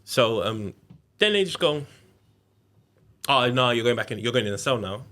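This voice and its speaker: A man's voice: mid-range voice, normal speed. A man, telling a story on a podcast in a casual, slangy way and acting out the voices of the people in it. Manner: animated, acts out quoted voices, slangy. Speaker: podcast guest.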